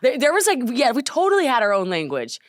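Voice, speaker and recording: A woman's voice: a little high, quick pace, no echo, studio quality. A young woman co-hosting a podcast, telling stories in casual chat and laughing often. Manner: animated storyteller, laughs often. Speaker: podcast co-host. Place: studio.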